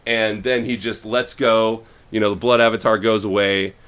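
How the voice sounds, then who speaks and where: A man co-hosting a podcast, casually retelling a story and acting out the characters' lines in quick little voices. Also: lowish voice, fairly even intonation, a bit bright, clean tone. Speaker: podcast co-host.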